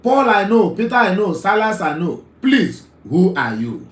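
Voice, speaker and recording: A man's voice: high voice, big pitch swings, unhurried, reverberant, poor audio. A Nigerian man hosting a live call-in talk show, emphatic, often repeating his phrases.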